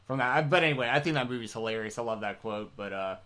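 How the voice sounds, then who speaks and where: A man's voice: medium pitch, animated, quick pace, sharp tone. A man co-hosting a casual podcast, talking loosely and restarting his sentences. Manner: rambling, with many restarts and laughs. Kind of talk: casual chat.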